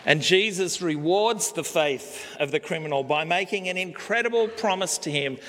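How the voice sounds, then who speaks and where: A male pastor preaching a sermon, slow and emphatic, pausing on key words. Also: high-pitched, a bit bright. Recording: long hall reverb.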